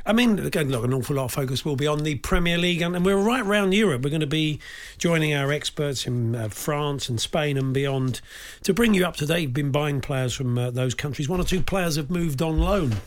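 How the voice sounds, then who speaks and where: A man's voice: fairly high pitch, brisk, few pauses. A man hosting a sports radio show, chatting casually about football transfers with his co-host. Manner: chatty, conversational with restarts.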